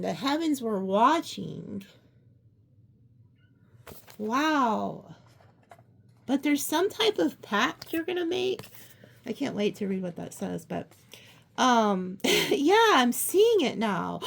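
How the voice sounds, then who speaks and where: A woman giving a casual tarot card reading, chatty and excitable, often gasping. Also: fairly high pitch, vocal fry, slightly rough. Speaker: tarot reader.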